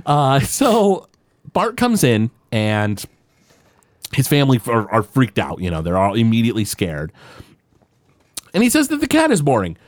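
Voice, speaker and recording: A man co-hosting a casual podcast, retelling a cartoon plot with a lively, swooping pitch and plenty of fillers. His voice sits in a middle register and is recorded dry and close. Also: no echo. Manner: animated, loose retelling with many fillers and quick put-on quotes. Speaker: podcast co-host. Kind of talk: casual chat recapping a cartoon episode.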